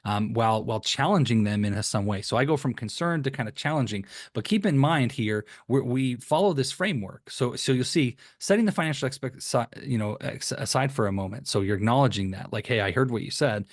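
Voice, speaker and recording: A man's voice: medium pitch, expressive, a little fast, few pauses, dry recording. Male sales coach, casual talk, repeats himself, acts out lines; dry close sound. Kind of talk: conversational teaching with screen share.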